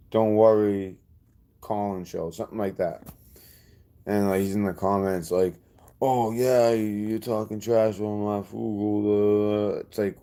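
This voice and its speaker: Gravelly low-voiced man. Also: warm tone. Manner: rambling, blunt, defiant. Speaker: channel host. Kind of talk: casual vlog talk to subscribers.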